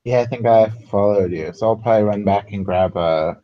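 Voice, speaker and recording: A man playing a tabletop game who speaks quickly and casually. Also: on the low side, slight background noise. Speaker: player. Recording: dull, distant voice-call audio.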